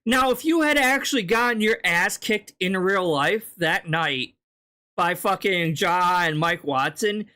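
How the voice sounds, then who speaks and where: A man's voice: sits high, expressive, measured pace, pushed and bright. A man hosting a reaction video, commenting with scornful, profane sarcasm.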